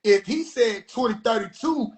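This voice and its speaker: High-voiced man on a heated rant. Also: lively intonation, normal speed. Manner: heated, profane, incredulous, often shouting. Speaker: video commentator. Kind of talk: ranting commentary.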